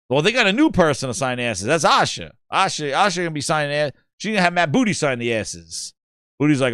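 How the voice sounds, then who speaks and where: Male gaming host, crude mocking rambler; high, bouncy voice. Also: very animated, moderate pace, a bit bright, clear, resonant tone, no echo, clean studio sound. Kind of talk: casual gaming commentary.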